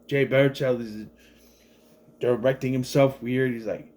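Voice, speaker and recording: In a chatty, casual movie review, a man talks in a mid-range voice at a measured pace. He's animated, performing the characters' lines himself, and rambles with many fillers and false starts.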